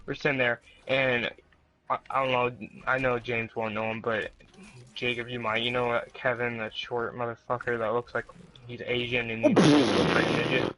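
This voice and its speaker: A man telling a school story to friends in a casual chat, animated and swearing a lot. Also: mid-range voice, normal speed, poor audio. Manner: animated, swears a lot, acts out quotes loudly. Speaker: podcast co-host.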